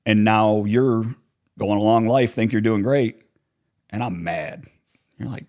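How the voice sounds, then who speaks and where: A man's voice: medium pitch, normal speed, a little mellow. A man talking in a podcast interview, explaining his ideas and acting out both sides of everyday arguments. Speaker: author and counselor, guest.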